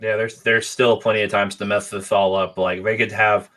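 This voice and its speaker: A man hosting a casual wrestling podcast. He is agreeable and relaxed, and chimes in often with short replies. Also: on the low side, moderate pace. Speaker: podcast host. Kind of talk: casual chat.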